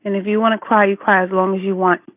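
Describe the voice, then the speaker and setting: A woman's voice: medium pitch, flat delivery, fast talker, no room sound. A woman in her forties speaks over a tinny phone line, emphatic and reassuring. She repeats her words for stress. The sound is dry, with no room around it. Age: 40s. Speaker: caller. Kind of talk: casual consoling chat. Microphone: phone call.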